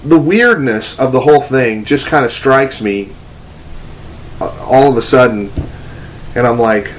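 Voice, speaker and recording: A man's voice: mid-range voice, animated, measured pace, long pauses, slight background noise, low-quality recording. A man giving a teaching talk, telling a personal story in a loose, conversational way with restarts and fillers. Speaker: preacher, ministry teacher. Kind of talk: testimony-style teaching talk.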